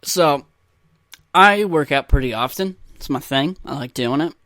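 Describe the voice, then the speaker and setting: A man's voice: a little high, expressive, unhurried, pushed and bright, no echo, studio quality. Profane young man telling crude stories. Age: 20s. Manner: profane, rambling, self-mocking. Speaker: podcast host. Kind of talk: casual crude storytelling monologue.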